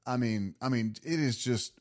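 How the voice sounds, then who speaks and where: A man guest on a podcast, telling a story in a casual, animated way, laughing and restarting his sentences. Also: medium pitch, moderate pace. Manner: animated, laughing, lots of restarts and acted self-talk.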